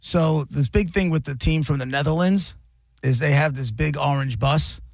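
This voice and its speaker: A male radio host chatting casually, recapping news stories with quick asides. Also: on the high side, creaky, dry recording. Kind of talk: casual talk radio chat. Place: radio studio. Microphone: studio mic.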